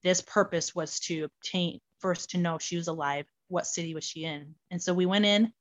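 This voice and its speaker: A woman's voice: lowish voice, moderate pace. Woman telling a personal story, lo-fi sound. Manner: animated, many fillers such as "like". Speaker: adoptee guest sharing her story.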